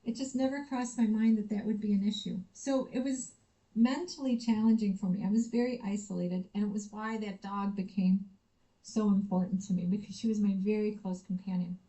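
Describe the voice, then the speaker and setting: Dark-voiced American woman telling stories. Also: medium pitch, fairly quick, poor audio. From United States. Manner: lively storytelling, acts out quoted dialogue. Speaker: visiting researcher giving a lecture. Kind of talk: conference talk with personal anecdotes. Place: university lecture room.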